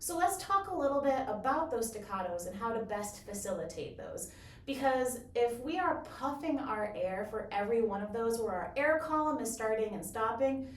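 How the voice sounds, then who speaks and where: A woman explaining bassoon technique in a clear, encouraging, step-by-step way. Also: slight background noise. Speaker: bassoon teacher. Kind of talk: instructional explanation. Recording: roomy echo, from a distance.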